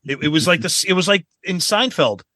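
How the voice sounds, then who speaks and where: A man co-hosting a casual podcast and telling a story full of swearing. His pitch swings widely and his voice sounds bright. The sound is close and dry. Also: fairly quick, no room sound. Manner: animated, profane storytelling. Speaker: podcast co-host.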